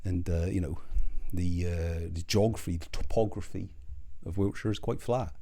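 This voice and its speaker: Man, lowish voice, rambling sweary commentary, sardonic, self-interrupting. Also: fairly even intonation, moderate pace, dark tone. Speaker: commentary channel host.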